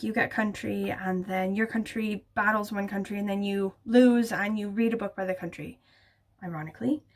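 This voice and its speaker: Gushing, chatty young woman vlogging. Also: medium pitch. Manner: chatty and gushing, many filler likes. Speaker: book vlogger. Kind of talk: casual chat to camera.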